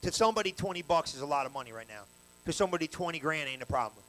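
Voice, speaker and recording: A man preaches at a church service, his voice sitting notably high for a man. He tells stories in loose, slangy talk and builds to loud, energetic bursts. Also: very fast, low-quality recording. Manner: colloquial, story-telling preaching with slang. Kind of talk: sermon.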